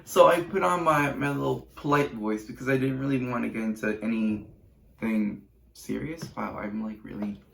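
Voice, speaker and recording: A man's voice: mid-range voice, moderate pace, gravelly, a bit bright. A teenage boy YouTuber telling a casual storytime vlog with chatty, sarcastic asides and rambling restarts. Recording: roomy echo.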